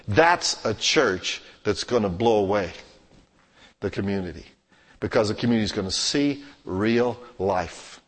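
A man's voice: fairly low pitch, expressive, measured pace, big-room sound. A man preaching a sermon as a pastor, exhorting his congregation with emphatic, rising and falling intensity.

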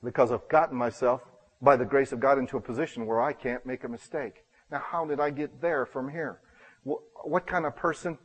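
A man's voice: mid-range voice, brisk, slightly rough, rough recording. Earnest male pastor telling a story. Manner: earnest, self-deprecating storyteller who acts out dialogue. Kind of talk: storytelling sermon.

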